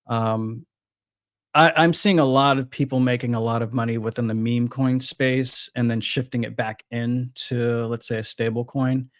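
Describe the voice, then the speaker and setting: A man's voice: mid-range voice, fairly even intonation, normal speed, dry recording. Rambling man with a dry sound. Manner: rambling, frequent restarts and self-corrections. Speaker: crypto trader guest. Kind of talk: casual podcast chat.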